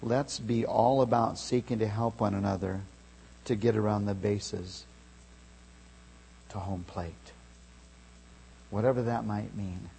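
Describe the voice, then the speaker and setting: A man preaching a sermon, telling a story with loud shouted calls at its peak. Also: lowish voice, fairly even intonation, slow pace, creaky, long pauses, slight background noise. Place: church sanctuary. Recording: long reverb of a large hall.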